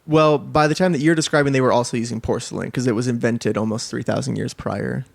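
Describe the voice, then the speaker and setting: A man co-hosting a podcast in casual chat, animated and jumping into quoted voices as he retells scenes. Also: medium pitch, quick pace, gravelly. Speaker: podcast co-host.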